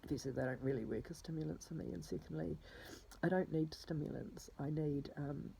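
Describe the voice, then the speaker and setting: Woman, very breathy, gravelly voice, distraught, rambling, profane, slips into whispers. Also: deep voice, fairly quick, warm tone, low-quality recording. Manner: drops to a husky whisper. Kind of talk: personal spoken diary.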